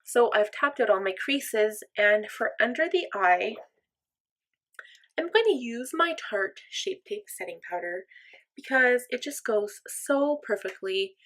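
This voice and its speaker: A woman's voice: on the high side, animated, measured pace, a bit bright. Chatty young woman doing a makeup tutorial. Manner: chatty, upbeat, self-deprecating. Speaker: makeup vlogger. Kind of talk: casual makeup tutorial chat.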